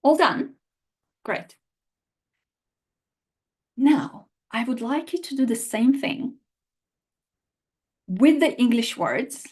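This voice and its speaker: Female language teacher, online lesson; slightly high-pitched, slow and patient, walks through each point. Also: lively intonation, darkish tone, husky. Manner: patient, explains step by step and has learners repeat sounds.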